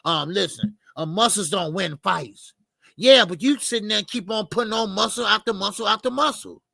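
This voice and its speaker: A man's voice: high voice, moderate pace, vocal fry, sharp tone, husky, no room sound. A man talking boxing in a blunt, heated way, repeating his points. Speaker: boxing commentator. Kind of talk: casual boxing debate.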